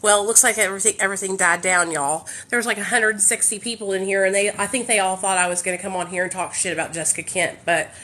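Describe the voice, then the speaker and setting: Talking fast with hardly any pauses, this woman in her 30s keeps a steady, sharp, medium-pitched tone. She's chatting candidly and swearing freely to livestream viewers, filming on a phone in her living room.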